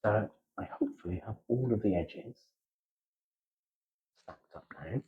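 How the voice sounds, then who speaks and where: A man with a Gloucestershire accent chatting softly in a slow, halting ASMR style, with many pauses and drifts into whispering, close to the microphone. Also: lowish voice, breathy edge, phone-quality sound. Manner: soft-spoken, slipping into whispers. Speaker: ASMR creator. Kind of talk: soft-spoken ASMR chat.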